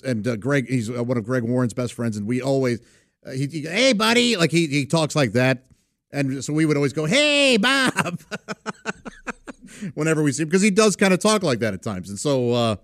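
A man's voice: medium pitch, dry recording. Rambling man on a dry podcast. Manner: rambling, with many fillers and restarts. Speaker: podcast host and radio comedian. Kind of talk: casual podcast monologue.

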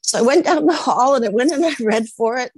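Woman, slightly high voice, animated storyteller, voices other characters, dry sound. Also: fairly quick, breathy edge, no echo. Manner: animated, acts out the voices of people in her stories. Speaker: interviewee, actress. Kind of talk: anecdotal storytelling in an interview.

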